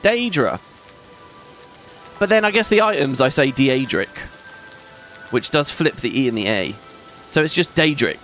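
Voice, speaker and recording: On the high side and a bit bright, a man's voice carries a let's play in casual gameplay commentary. He chats and rambles, thinking aloud and laughing often while he plays.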